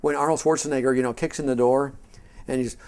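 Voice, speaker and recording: A man's voice: medium pitch, quick pace, clean tone. A middle-aged man teaching a Christian seminar in an informal, rambling way, telling stories and acting out the quotes in a raised voice. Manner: animated storyteller who acts out quotes in a raised voice; rambling and conversational, with frequent restarts.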